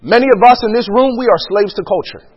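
A man's voice: sits high, fast talker, husky, dull audio. A man preaching a sermon, emphatic and full of rhetorical questions, acting out conversations as he goes. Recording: long hall reverb.

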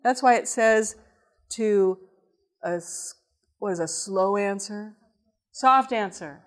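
A woman preaching a sermon, telling a personal story and acting out the dialogue in a lively way. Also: mid-range voice, slow, pauses often.

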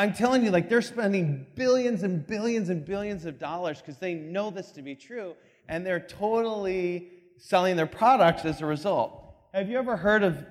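A man giving a motivational talk with slides, telling a story animatedly and acting out voices. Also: high-pitched. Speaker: speaker. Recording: long reverb in a hall.

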